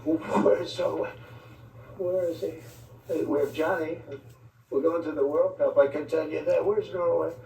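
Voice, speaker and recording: Politician type: man, rambling and ad-libbing with jokey asides, gravelly and a bit high-pitched, recorded from a distance. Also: fairly even intonation, moderate pace, warm tone. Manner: rambling, ad-libbed, joking asides. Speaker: politician addressing foreign leaders. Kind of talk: off-the-cuff speech. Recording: echoey, distant mic, faint background noise.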